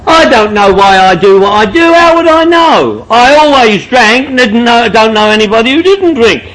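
A man's voice: very high-pitched, big pitch swings, moderate pace, a bit bright, poor audio. A man from northwest London with a London accent, speaking at a recovery meeting and firing off joking, repetitive rhetorical questions.

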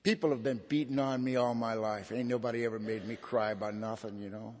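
A man speaking at a recovery meeting, telling his own story in a folksy, slangy way, swinging between loud and hushed. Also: fairly low pitch, steady tone, fairly quick. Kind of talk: personal testimony talk. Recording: long hall reverb.

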